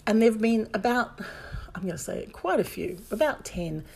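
A woman's voice: on the high side, animated, normal speed, vocal fry, a little mellow, husky. A woman telling a personal story in a candid, emphatic way, circling back and restarting her sentences as she goes.

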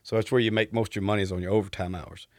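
A man's voice: on the low side, steady tone, rapid-fire, no room sound, studio quality. A man in his thirties from Texas with a Southern accent, telling stories as a podcast guest in an easygoing, polite way. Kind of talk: casual storytelling.

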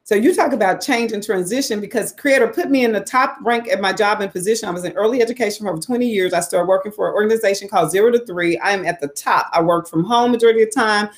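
A woman in her forties from the South, telling her personal story in a candid, expressive way, swearing freely and letting her voice climb high for emphasis. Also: quick pace, hardly any pauses. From Southern United States. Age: 40s.

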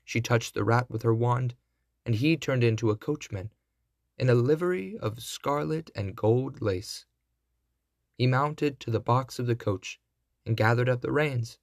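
Slow-reading male storyteller. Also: medium pitch, no echo, studio quality. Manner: slow, deliberate fairy-tale telling. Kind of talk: storybook narration.

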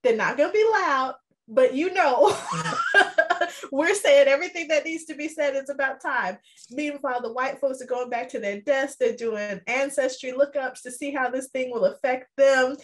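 A woman co-hosting a casual chat, emphatic and quick to laugh. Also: high-pitched, fairly bright tone. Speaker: podcast co-host.

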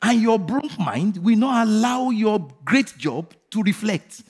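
A man preaching a fervent sermon who asks his congregation questions and leads them in shouted declarations. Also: sits high, very animated, a little slow, slightly rough. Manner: asks the crowd rhetorical questions. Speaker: pastor.

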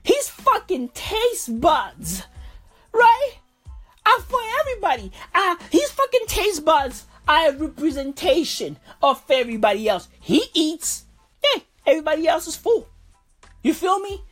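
Woman, high voice, slangy profane riffing, comic commentary, faint background music. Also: very animated, measured pace. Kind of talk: reading aloud with comic commentary.

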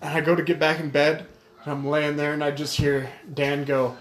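A man's voice: a little high, little pitch movement, moderate pace, slight background noise. Crude joking man in an echoey room. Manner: crude, joking, laughs mid-story. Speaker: podcast co-host. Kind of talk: casual storytelling chat.

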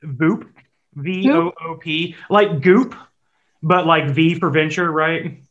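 Male podcast co-host, rambling and casual, voice a bit high. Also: lively intonation, slow pace, a bit bright, highs cut off. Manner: rambling, many fillers and restarts.

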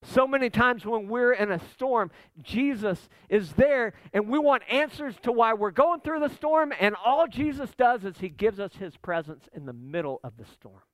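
A man's voice: extremely high pitch, expressive, normal speed, hardly any pauses, dry recording. A man preaching a sermon as a pastor, conversational and emphatic, with asides to the listeners.

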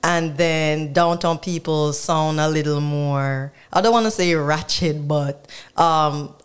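A woman with a Jamaican accent, the guest artist, explaining things in a relaxed, casual interview. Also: deep voice, slow pace, clean tone.

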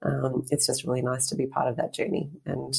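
Middle-aged woman guest with a very low voice, chatty and rambling, plenty of ums and restarts. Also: monotone, a little fast, creaky, slightly rough. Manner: chatty, rambling storyteller with frequent fillers and restarts. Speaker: guest, fitness instructor and presenter. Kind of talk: casual interview chat.

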